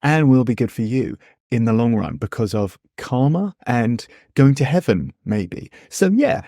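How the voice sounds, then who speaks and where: A man's voice: mid-range voice, expressive, measured pace, dark tone, no echo, clean studio sound. A man putting on the voice of an eager male podcast host, making a punchy and jokey plea to listeners.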